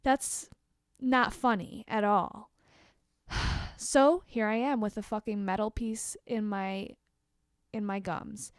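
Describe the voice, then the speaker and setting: A young woman vlogger telling a storytime rant to the camera, candid and expressive, swearing freely and tossing quick asides to her viewers. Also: mid-range voice, no room sound, clean studio sound.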